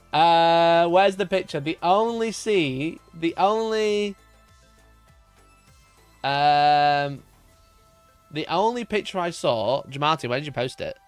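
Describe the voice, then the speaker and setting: A man's voice: fairly high pitch, slow pace, long pauses, clear, resonant tone, no echo, faint music behind. A man hosting a live stream, chatting casually, swearing often, laughing and reading chat aloud while ranting in mock outrage. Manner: mock outrage, voice jumps up when worked up. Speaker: livestream host.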